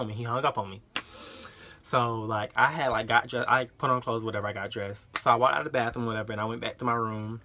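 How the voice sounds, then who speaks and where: A young man in his late teens telling a storytime vlog, animated and acting out other people's lines. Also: medium pitch, fast talker. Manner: animated, acts out the dialogue of others. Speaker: vlogger.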